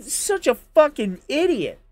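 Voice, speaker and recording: A man's voice: very high voice, huge pitch swings, slow pace, a little mellow, dry recording, faint music behind. Angry, profane man arguing politics. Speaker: debate participant. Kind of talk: heated political argument.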